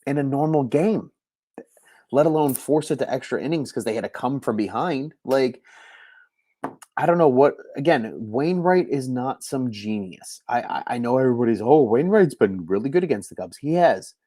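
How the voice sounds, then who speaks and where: A man hosting a solo postgame baseball livestream from home late at night, talking in an animated, frustrated way with many restarts and "like"s. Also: mid-range voice, moderate pace, no room sound. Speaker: sports podcast host. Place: home at night, keeping quiet.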